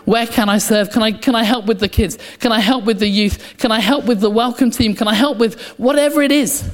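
Male pastor, impassioned sermon, high voice, roomy hall with guitar bed. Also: fairly quick. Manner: passionate, repeats phrases, drops to quiet intensity. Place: church. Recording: echoey church hall, soft guitar behind.

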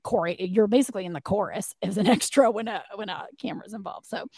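A woman co-hosting a podcast, telling stories in a casual, animated way and acting out what people said. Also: mid-range voice, fast talker, creaky, breathy edge, dry recording, clean studio sound. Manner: animated storyteller, acts out quotes. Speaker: podcast co-host. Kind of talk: casual chat.

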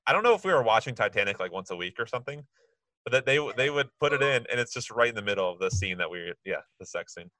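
A man's voice: medium pitch, no echo, rough recording. A man in his thirties co-hosting a podcast, telling a funny childhood story in casual chat. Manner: quick, joking, animated storytelling. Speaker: podcast co-host.

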